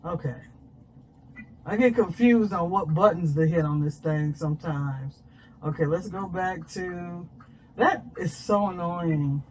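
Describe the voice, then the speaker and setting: A man's voice: high voice, measured pace, lo-fi sound, a little hiss or hum. A man hosting his own podcast, talking in a rambling, casual way, swearing freely and addressing listeners as y'all. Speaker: podcast host. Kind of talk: casual chat.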